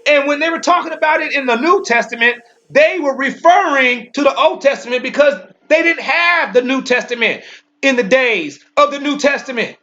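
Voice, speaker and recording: A man giving an informal Bible commentary, speaking emphatically, repeating and restarting phrases, and slowing down when he reads verses. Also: very high-pitched, bright, forceful tone. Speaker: Bible teacher. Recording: dull lo-fi recording with faint music.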